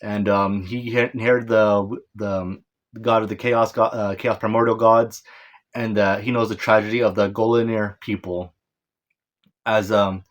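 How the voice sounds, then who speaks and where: A man's voice: fairly low pitch, little pitch movement, moderate pace. Rambling man chuckling through a breakdown. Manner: rambling, self-correcting, stumbles over names; apologetic, chuckling. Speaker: manga reviewer. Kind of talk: casual chapter breakdown.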